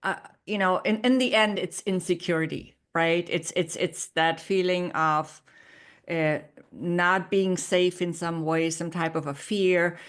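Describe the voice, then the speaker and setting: A woman's voice: on the low side, steady tone, measured pace, clear, resonant tone. Thoughtful woman hosting a podcast. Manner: thoughtful, searching for words with many fillers. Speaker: podcast host. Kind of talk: conversational interview.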